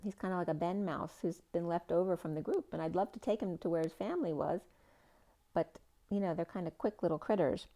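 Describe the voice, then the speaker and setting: Woman tarot reader, somewhat low voice, rambling associative delivery with lots of fillers. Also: a little fast, warm tone. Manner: rambling, free-associating, with many fillers and trailing phrases. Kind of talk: spiritual tarot reading monologue.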